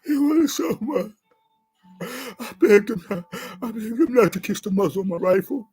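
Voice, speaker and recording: A man putting on a rambling, tearful, self-pitying young man in a satirical impression monologue on his vlog, stammering through repetitions and drawn-out pleading. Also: high voice, animated, warm tone, breathy edge, faint music behind, exaggerated voice. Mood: rambling indignant. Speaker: vlogger.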